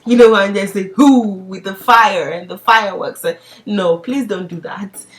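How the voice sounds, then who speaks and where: A woman's voice: mid-range voice, moderate pace. A young woman teaching a casual spoken lesson, chatty and laughing often, with playful mock pleas. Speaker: language teacher.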